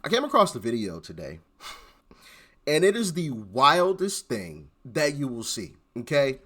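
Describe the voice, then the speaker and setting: Animated, stammering male commentator. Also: medium pitch, unhurried. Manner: emphatic, stuttering, repeats words. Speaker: host. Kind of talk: political commentary.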